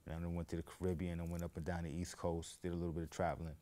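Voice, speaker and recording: A man's voice: low voice, racing. A man hosting his own show, telling casual stories and drifting off on tangents, livening up whenever he quotes people. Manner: rambling, goes off on tangents; animated, raises voice when quoting others. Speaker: podcast host. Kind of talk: casual storytelling monologue.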